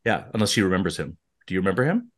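A man's voice: low voice, big pitch swings, very fast, a crowd in the background. A man co-hosting a podcast in casual chat, joking and asking the others lots of questions. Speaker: podcast co-host.

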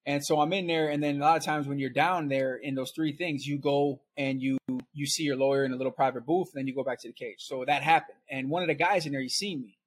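A man's voice: mid-range voice, steady tone, fast talker, few pauses, husky. A man guest on a podcast, telling his story in a casual, conversational way and checking in with "right?".

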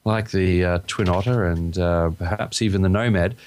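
A man's voice: sits low, fairly even intonation, moderate pace, darkish tone, a little hiss or hum. A man co-hosting a podcast, bantering with a dry, teasing humor. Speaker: podcast co-host. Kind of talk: casual chat.

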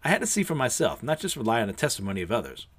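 A man's voice: medium pitch, big pitch swings, rapid-fire, fairly bright tone. A man voicing a stern, ambitious young female samurai who speaks bluntly and in a businesslike way.

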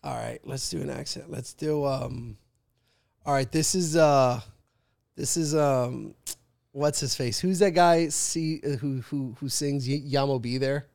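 A man's voice: mid-range voice, measured pace, vocal fry, darkish tone, no room sound, clean studio sound. A man guest comedian chatting casually on a podcast, rambling with lots of fillers.

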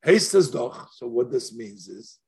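A man's voice: medium pitch, big pitch swings, measured pace, a little mellow. A man teaching a text-study lesson, working through questions aloud and slipping Yiddish and Hebrew phrases into his speech, his voice rising as he asks them. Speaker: Torah teacher.

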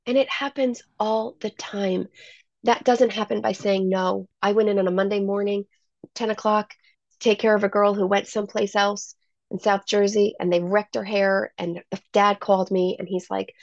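A woman's voice: medium pitch, flat delivery, normal speed, no echo. A woman who owns a salon, talking as a guest in a casual interview and telling stories with enthusiasm. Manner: enthusiastic storyteller. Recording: slightly muffled dry sound.

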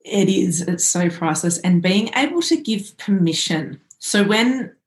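A woman's voice: medium pitch, lively intonation, unhurried. A woman coach in casual conversation, earnestly telling stories about her clients. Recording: roomy echo.

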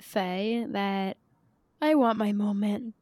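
A woman's voice: medium pitch, slow, a little mellow, no room sound. An American woman hosting a podcast, chatting in a supportive way and laughing easily. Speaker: podcast host. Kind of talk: casual chat.

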